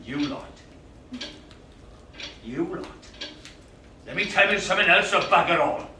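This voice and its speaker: A man's voice: high voice, animated, a little slow, pushed and bright, slight background noise, full character voice. A man playing a ranting grumpy old Brit. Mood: defiant. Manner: gruff, complaining, swearing, bossy. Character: cantankerous older British man in hospital waiting room. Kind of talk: live stage monologue. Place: theatre stage, live. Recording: roomy live stage sound, distant mic.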